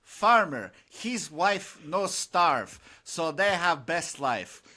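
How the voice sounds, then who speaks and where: Man doing old Russian farmers: put-on accent, slow broken English, deadpan, high and bright. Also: exaggerated voice. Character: gruff old male Russian potato farmers.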